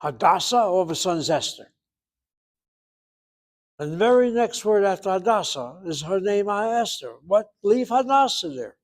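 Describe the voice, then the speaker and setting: A man teaching a Hebrew class, explaining pronunciation and slowly repeating words for students to copy. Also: high-pitched, animated. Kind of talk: classroom lecture.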